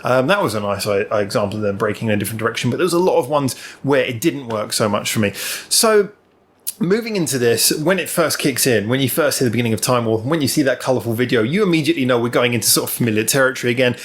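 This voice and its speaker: A man's voice: medium pitch, expressive, quick pace. A man hosting a music reaction channel, giving a casual, thoughtful solo review to camera with many ums and restarts, recorded alone indoors. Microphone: camera in front of him.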